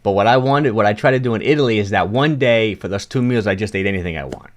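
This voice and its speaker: A man with a fairly low voice and a strong New York accent, coaching viewers on a fitness livestream. He talks casually and encouragingly, often stopping and restarting his sentences as he answers chat. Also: quick pace.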